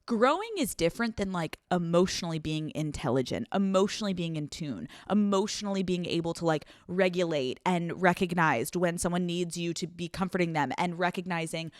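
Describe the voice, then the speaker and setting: A woman hosting a podcast, giving casual relationship advice in a blunt, profane and animated way, running on no sleep. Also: lowish voice, brisk, few pauses, no echo, studio quality. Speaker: podcast host.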